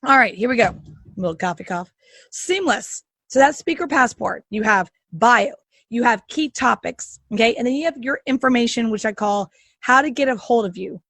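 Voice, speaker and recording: A woman's voice: fairly high pitch, lively intonation, normal speed, fairly bright tone, no room sound. A middle-aged woman podcast host coaching listeners in a sassy, emphatic monologue, repeating phrases for punch.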